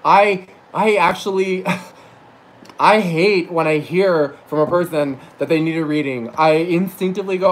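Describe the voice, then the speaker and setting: A man's voice: a little high, unhurried, low-quality recording. A tipsy man working as a psychic reader, ranting and rambling through a profane livestream monologue, teary at times and correcting himself as he goes.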